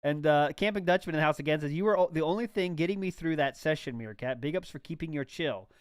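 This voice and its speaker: Playful podcast host, dry mic. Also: male voice, on the high side, fast talker, clear, resonant tone, no echo. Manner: laughs often, playful. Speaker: podcast host reading listener messages. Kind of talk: casual chat.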